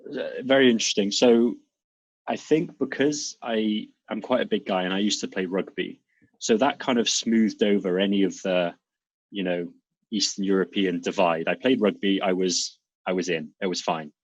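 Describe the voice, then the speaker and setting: Deep husky Welsh-accented man. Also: moderate pace, dry recording, lo-fi sound. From South Wales, UK. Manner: relaxed, rambling with ums and restarts. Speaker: guest, doctor turned nomad. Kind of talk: casual interview chat.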